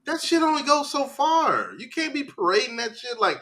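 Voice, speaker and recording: A man's voice: very high voice, sing-song, moderate pace, pushed and bright, a little hiss or hum. A man co-hosting a podcast, blunt and emphatic and swearing casually. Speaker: podcast co-host. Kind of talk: casual chat.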